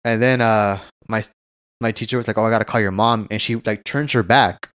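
A man's voice: fairly low pitch, fairly even intonation, a little fast, fairly bright tone, clear, resonant tone, no echo, clean studio sound. A man co-hosting a casual podcast, telling a long childhood story with lots of swearing and acted-out quotes. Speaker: podcast co-host.

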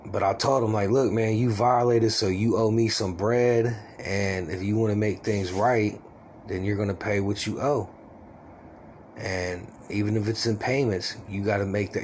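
Gravelly-voiced man in his forties rambling. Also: lowish voice, a little hiss or hum. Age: 40s. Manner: rambling, confiding, self-deprecating. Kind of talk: rambling personal vlog.

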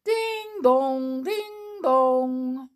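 A woman putting on a tiny clockwork mouse who chirps high and eager, toy-like and bright. He suits a bedtime storybook. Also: animated, drawn-out words, full character voice.

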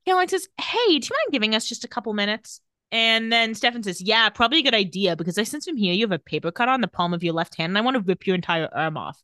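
A woman's voice: on the high side, quick pace, no echo, studio quality. A young adult woman co-hosting a podcast, recapping a TV episode in casual chat and acting out the characters' lines as she goes. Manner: animated, acts out characters' lines while recapping. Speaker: podcast co-host.

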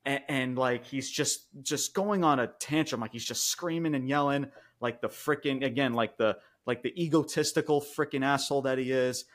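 A man co-hosting a podcast, recapping a wrestling show in casual chat, excited and swearing freely with lots of fillers. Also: mid-range voice, moderate pace, hardly any pauses. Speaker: podcast co-host reviewing wrestling.

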